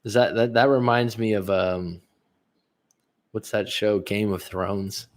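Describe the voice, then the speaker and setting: This middle-aged man, a relationship coach, talks slowly in a lowish, steady voice during a casual livestream picked up by his webcam. His talk wanders, with frequent restarts as he reads out comments from viewers.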